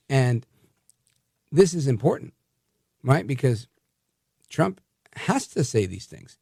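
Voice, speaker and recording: A male radio host delivers heated, opinionated commentary in a gravelly voice. He stumbles and restarts as he pushes his points. The studio sound is close and dry. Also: mid-range voice, slow, long pauses, no echo. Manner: animated and combative, many restarts. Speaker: radio talk show host.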